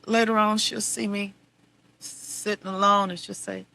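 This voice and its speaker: A middle-aged woman hosting a podcast, telling a candid personal story, heartfelt and wry, moving between quiet reflection and exasperated venting. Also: medium pitch, little pitch movement, unhurried, creaky. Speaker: podcast host.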